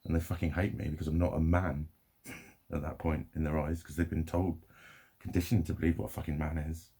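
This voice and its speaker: A man's voice: very deep voice, level tone, brisk, creaky, mellow, husky. A young man ranting to camera in a sweary, rambling, heated way. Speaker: vlogger.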